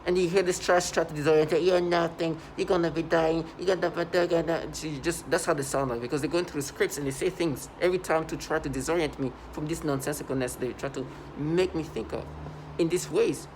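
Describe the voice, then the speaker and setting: A man's voice: a little high, fast, a little hiss or hum. A man talking to his camera in an agitated, indignant monologue, stopping and restarting often. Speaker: vlogger.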